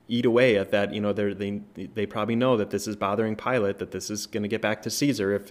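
Low-ish guy pastor talking through scripture, chatty, lots of uh and right. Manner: conversational, many fillers and tag questions; prays softly at the close. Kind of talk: informal Bible teaching.

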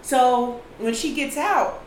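A woman recounting a news story in casual commentary chat, animated and profane. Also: high voice, slow pace. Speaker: co-host. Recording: echoey room with faint noise.

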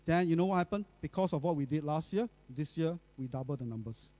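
A man's voice: fairly high pitch, quick pace, warm tone. A middle-aged male pastor, telling a personal story in a sermon in a chatty way, full of fillers and tag questions.

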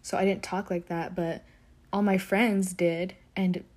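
A woman's voice: on the low side, little pitch movement, a little slow, a little mellow. Young woman ranting with frequent fillers. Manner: frustrated, rambling with many fillers. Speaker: commentator. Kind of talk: casual monologue.

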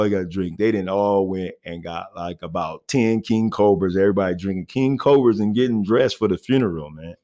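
A man's voice: deep voice, a little mellow. Laid-back man rambling through a story. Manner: rambling, laid-back, many fillers and "you know what I mean". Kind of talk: casual personal storytelling.

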